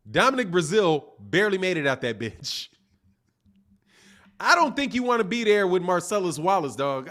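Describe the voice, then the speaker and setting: A man's voice: high-pitched, a bit bright. A man hosting a boxing channel livestream, ranting casually in slangy, profane, mocking talk and laughing often.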